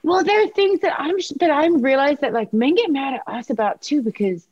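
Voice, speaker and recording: A woman's voice: high-pitched, animated, a little fast, no echo, muffled recording. A woman talking candidly in a casual chat, swearing freely and laughing often.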